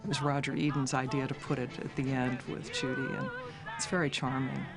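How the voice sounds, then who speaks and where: A woman's voice: extremely low pitch, flat delivery, a little fast, over loud music. A woman recounting behind-the-scenes stories in a documentary interview, retelling quoted dialogue conversationally.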